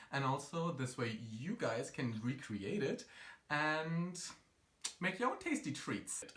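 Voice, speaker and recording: Campy drag queen man, lively pitch. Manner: sassy, campy quips, calls viewers honey. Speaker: drag queen cooking host. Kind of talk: campy cooking vlog. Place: home kitchen. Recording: echoey room, faint noise.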